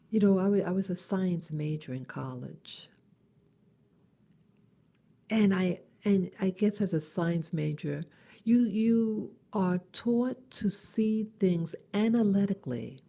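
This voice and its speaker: A middle-aged woman talking in a halting, casual vlog monologue in her early-morning voice, with many restarts. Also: on the low side, vocal fry, dark tone, slightly rough. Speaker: vlogger.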